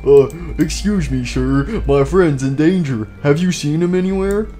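A man's voice: a little high, measured pace, dark tone, soft background music, lightly acted. A man voicing a clumsy, rude male animatronic with a hammer in a fan machinima, rambling and silly. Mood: goofy.

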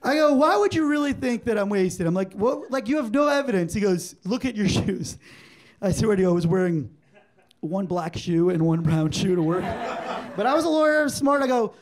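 A man in his forties works a live comedy room with a stand-up set. His voice sits very high for a man, and he tells his stories with animated punch, acting out both sides of each exchange on a handheld stage mic. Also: a little fast. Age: 40s. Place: comedy club stage before a live audience.

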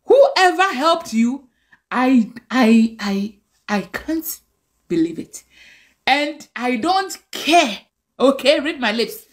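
A woman's voice: sits high, sing-song, slow pace. A Ghanaian woman with a Ghanaian accent, ranting angrily and scolding in a direct-to-camera video. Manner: angry, scolding rant mixing languages.

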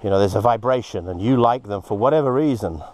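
A man hosting a casual vlog outdoors at a quarry. He talks excitedly, gasping and dropping into breathy whispers. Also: fairly low pitch, quick pace. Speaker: host, moldavite hunter.

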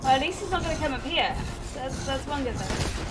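A woman's voice: sits high, a little fast, loud music behind the voice. A woman commenting while playing a horror game, jumpy and swearing, often screaming at the scares. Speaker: gaming YouTuber. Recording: steady background noise.

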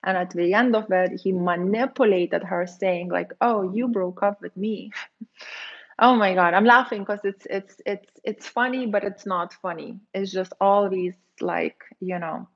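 A woman dating coach talking casually on a livestream, chatty and quick, acting out the voices she quotes. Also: medium pitch, vocal fry, highs cut off. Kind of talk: casual livestream advice, reading viewer comments.

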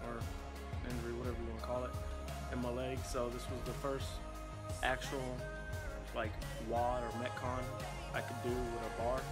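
A man in casual chat to the camera, recapping his gym workout in a relaxed, offhand way. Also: mid-range voice, normal speed, pauses often. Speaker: vlogger. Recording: loud gym music behind.

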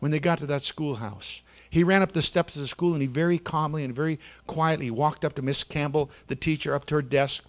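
Dramatic male church storyteller. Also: fairly high pitch. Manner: dramatic storyteller, shifts between hushed and loud, slows for effect. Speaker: preacher telling a children's story.

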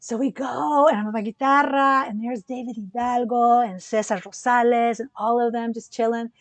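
A woman musician and educator, a podcast guest, telling stories in an animated, chatty way, laughing often and restarting her sentences. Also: on the high side, normal speed, no room sound. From United States. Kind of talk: casual storytelling chat.

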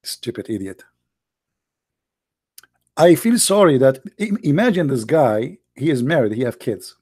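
A man's voice: a little high, very animated, moderate pace, mellow, husky, no room sound, clean studio sound. An English speaker who hosts a debate show and argues combatively and sarcastically in broken English, restarting his phrases often. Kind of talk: heated religious debate.

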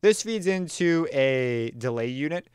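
Smooth, dry-voiced man explaining casually. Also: on the high side, unhurried, no echo. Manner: relaxed and chatty, with fillers and self-corrections; enthusiastic, uses slang. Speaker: music production instructor. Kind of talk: casual screen-recorded software tutorial.

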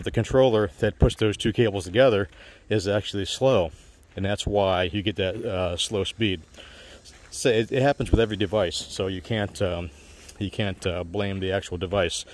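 A man's voice: lowish voice, fairly even intonation, moderate pace. A man casually explaining phone tech to viewers, rambling with many fillers and restarts. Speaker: channel host giving phone advice.

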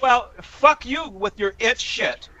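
A woman in a heated online debate, shouting insults again and again at her opponent. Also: on the high side, lively intonation, slow pace. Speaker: debate guest. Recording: dry, dull lo-fi audio.

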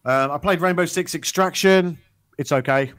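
A man co-hosting a gaming podcast chats casually at a moderate pace in a fairly high, slightly bright voice with a clear, resonant tone. He rambles, with lots of restarts and ums.

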